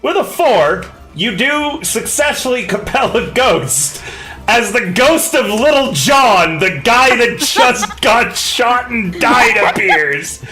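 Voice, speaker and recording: A man's voice: very high-pitched, bright, forceful tone. A man running a tabletop game, casually explaining the rules and joking with his players. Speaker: game master. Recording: roomy echo, faint music.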